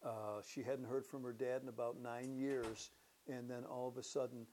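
An older man speaking as a church pastor, with a mid-pitched voice that sits right in the ordinary range for a man. He talks in an easy, chatty way with casual fillers. As he tells his personal testimony he grows more animated and vivid. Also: normal speed. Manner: relaxed conversational, warming into animated storytelling.

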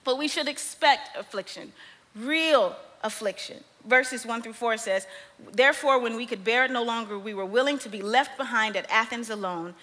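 A young woman preaching a sermon, telling stories with animated energy and frequent laughter. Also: fairly high pitch, normal speed. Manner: animated storytelling, laughs often. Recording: long reverb of a large hall.

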